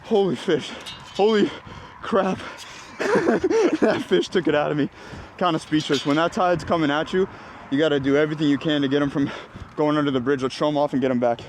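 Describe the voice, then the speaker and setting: An excited man hosts a fishing video from a bridge, his voice sitting a little high for a man. He talks in quick, breathless bursts full of exclamations. Loud outdoor noise from wind and water runs behind him.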